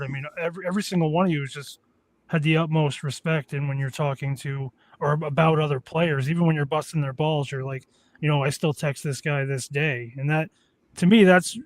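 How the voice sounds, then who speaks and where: A man's voice: fairly high pitch, no room sound. A man hosting a sports podcast, chatting casually with plenty of fillers. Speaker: podcast host. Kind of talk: casual interview chat.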